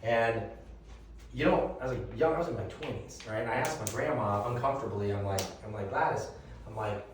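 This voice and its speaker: A man giving a reverse mortgage seminar, telling a long personal story in a casual, animated way. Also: mid-range voice, a little fast, slight background noise. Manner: animated, conversational, swears casually. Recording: echoey room from a distant mic.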